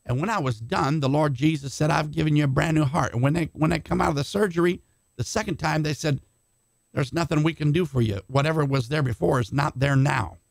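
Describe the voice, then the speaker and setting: Older male preacher, fiery and shouting at the peaks, slightly high voice, dry close sound. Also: fairly quick, creaky, dry recording. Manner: impassioned, shouting climaxes, calls on congregation by name. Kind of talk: sermon.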